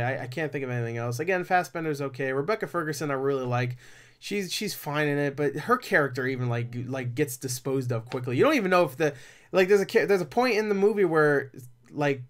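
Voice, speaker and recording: Guy ranting about a movie, kinda high voice, swears a lot, says like constantly. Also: fairly bright tone. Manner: rambling, profane, frequent "like" fillers, exasperated outbursts. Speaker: movie reviewer. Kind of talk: casual rant review.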